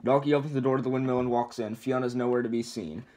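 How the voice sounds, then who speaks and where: A man's voice: medium pitch, steady tone, fast talker, darkish tone. A man in a casual amateur script reading, reading stage directions in a drowsy, mumbling way with slips and restarts. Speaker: video maker.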